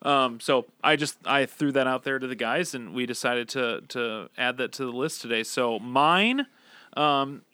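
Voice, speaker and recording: A man's voice: medium pitch, a little slow, pushed and bright, clean tone, dry recording. A man in his thirties, a podcast co-host telling a story in casual chat, with a chuckle and many fillers.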